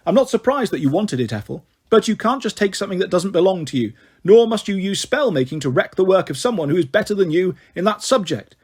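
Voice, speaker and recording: A man's voice: high-pitched, very animated, quick pace, a little mellow, breathy edge, full character voice. A man reading aloud and voicing a strict woman teacher who speaks in a formal, clipped way. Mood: stern. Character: stern, strict woman teacher with a steely gaze.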